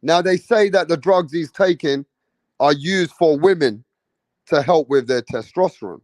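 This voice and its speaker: A young British man with a slightly high voice hosts a boxing channel, ranting heatedly to his viewers at a measured pace with no room sound. In this commentary video he swears, repeats himself, and addresses viewers directly.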